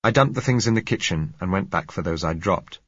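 A man narrating a novel in first person, in a measured, reflective way. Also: low-pitched, animated, a bit bright, slightly rough, no echo, muffled recording. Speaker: audiobook narrator.

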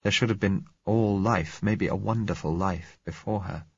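Deep, husky male audiobook narrator. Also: a little mellow, dry recording, lo-fi sound. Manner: measured, reflective first-person narration. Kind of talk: audiobook reading of a novel.

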